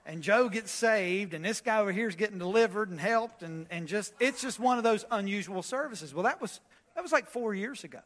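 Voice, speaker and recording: A man preaching a sermon, telling a story with animated swings between loud preaching and quiet. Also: high voice, fairly quick, long reverb tail. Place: church.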